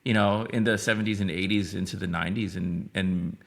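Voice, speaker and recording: A man's voice: low-pitched, fairly even intonation, brisk, creaky. A man in his fifties, a podcast guest, talking reflectively in a rambling way with many restarts. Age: 50s. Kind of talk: casual interview talk.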